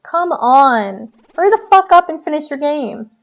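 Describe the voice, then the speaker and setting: A woman's voice: sits high, lively intonation, measured pace, lo-fi sound, pitched above the performer's own voice. A woman voicing an impatient, rude young woman customer in a costume mask who swears and makes demands.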